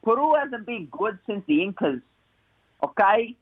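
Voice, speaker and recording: A man's voice: high-pitched, big pitch swings, breathy edge, dry recording, heavily acted. A man doing a put-on Italian accent, playing a brash, swearing football fan who rants with lots of "you know". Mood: ranting. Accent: mock Italian, put on. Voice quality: sweary ranting with halting "you know" fillers. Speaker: caller. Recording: phone-line voice message.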